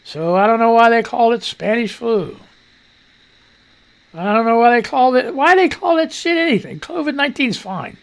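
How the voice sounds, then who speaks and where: A man's voice: very high-pitched, animated, normal speed, vocal fry. A man hosting a radio show, reading news items and breaking off into crude, mocking asides. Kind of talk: casual news commentary.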